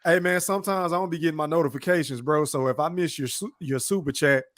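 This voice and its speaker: A man hosting a casual online podcast chat, laid-back and chatty, shouting out viewers. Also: on the high side, fast talker, no room sound, clean studio sound. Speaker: podcast host.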